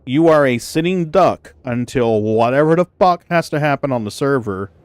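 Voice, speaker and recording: Grumbling male game streamer, mid-pitched. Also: expressive, moderate pace, clean tone, no room sound. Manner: blunt, swears, grumbles about game mechanics; coos baby talk to his cat. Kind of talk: casual live-stream chat.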